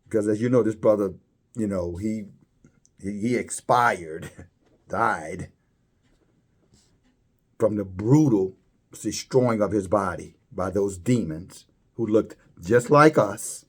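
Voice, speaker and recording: With a breathy edge to his voice, a man preaches a religious commentary, stumbling and repeating words as he goes. At points of emphasis, his pitch shoots upward.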